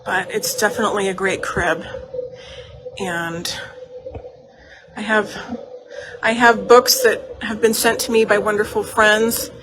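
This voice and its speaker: A woman's voice: mid-range voice, slow pace, pauses often. A woman vlogger in her doll shop, chatting heartfelt and rambling, often repeating herself. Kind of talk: casual chat to camera. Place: indoor doll shop room. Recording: steady motor hum behind voice.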